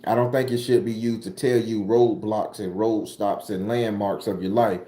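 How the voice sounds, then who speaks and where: On the low side and warm, his voice stays fairly even in intonation at a normal speed. The tarot reader, a southern Florida man with a Southern US accent, hosts his channel's livestream and handles chat comments in loose, profane slang. Echo is audible.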